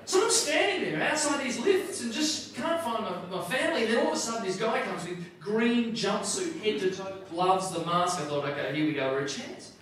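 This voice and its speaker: A man performing a stand-up comedy routine as MC at a corporate gala dinner, telling a story with animated, self-deprecating asides. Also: sits high, moderate pace, few pauses. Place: large function room at a gala dinner. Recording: echoey hall, distant mic, audience laughter.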